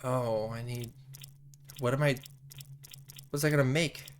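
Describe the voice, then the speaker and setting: A man streaming a horror game, giving casual commentary with excitable outbursts between laid-back remarks. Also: medium pitch, measured pace, a little hiss or hum. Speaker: gaming streamer.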